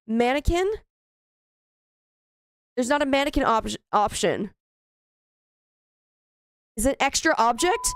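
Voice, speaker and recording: A woman's voice: sits high, lively intonation, measured pace, pauses often, clear, resonant tone, no room sound. A woman in her thirties chatting casually while playing a horror game, often exclaiming in frustration. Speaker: gaming streamer. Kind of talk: casual let's-play commentary.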